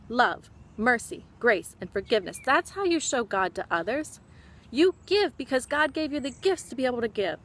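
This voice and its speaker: A woman's voice: high-pitched, fairly bright tone. A woman giving an impassioned talk to fellow Christians, scolding them with repeated rhetorical questions and urging them to act. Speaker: Christian speaker.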